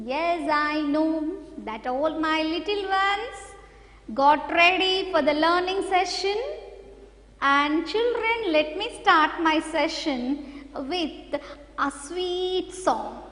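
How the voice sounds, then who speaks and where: A very high-pitched woman teaches small children English in a slow, coaxing, sing-song way. Her voice rings in an echoey room with a long reverb tail. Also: expressive, fairly bright tone. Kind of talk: online children's English lesson.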